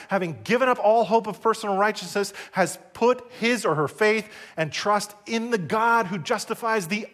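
A man preaching a sermon at a church service, emphatic and rising to sudden high bursts on key points. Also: fairly bright tone. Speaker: pastor.

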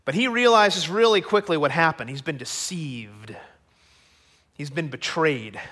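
A male pastor giving a sermon in a high-pitched, bright voice. He tells the story dramatically and keeps checking in with the listeners through rhetorical questions. His delivery slows down and speeds up with the drama. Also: animated.

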